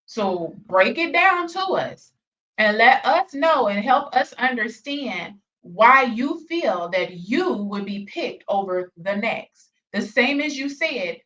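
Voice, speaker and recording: A woman's voice: mid-range voice, fairly bright tone. A challenging woman reaction host. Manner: challenging, repetitive questioning. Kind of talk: reaction commentary. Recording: dull sound, distant from mic.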